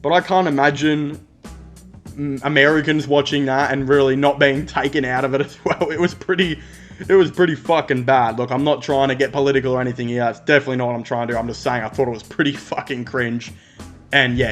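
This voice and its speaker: An Australian man talks through a film in a loose, rambling video review at an everyday middle pitch. He is blunt and swears freely. Soft music plays faintly behind him. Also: fairly even intonation, brisk. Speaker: movie reviewer.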